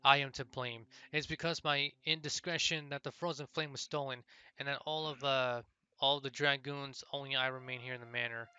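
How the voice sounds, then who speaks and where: A man's voice: mid-range voice, steady tone, moderate pace, bright, forceful tone, clean tone, dull audio. A man voicing a grieving, confused old knight who rambles and pleads. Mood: rambling.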